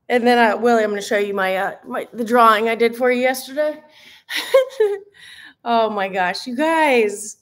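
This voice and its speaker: A woman's voice: fairly high pitch, measured pace, long pauses, a bit bright. A woman fitness coach chatting live with her viewers, bubbly and giggly, gushing often. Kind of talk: live stream chat with viewers.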